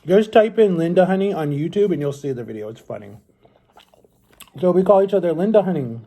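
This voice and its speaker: Husky, very dark-voiced man rambling. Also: high voice, expressive, a little fast. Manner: rambling, chatty, often addresses viewers as guys. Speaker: vlogger. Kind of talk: casual storytelling to viewers.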